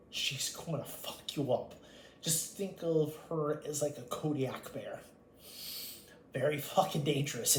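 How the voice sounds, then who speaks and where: A man's voice: a little high, a little mellow. Blunt, profane man in an echoey room. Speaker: vlogger. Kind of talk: casual storytime monologue. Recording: echoey room with faint ambient noise.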